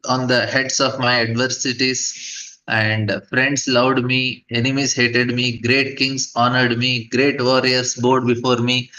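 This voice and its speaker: A fallen king, full of pride, who rails and boasts even in defeat, as a man reads his words aloud in a scripture class. The recording is dull and lo-fi. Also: mid-range voice. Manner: indignant, boastful retelling. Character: proud defeated male king, defiant and boastful.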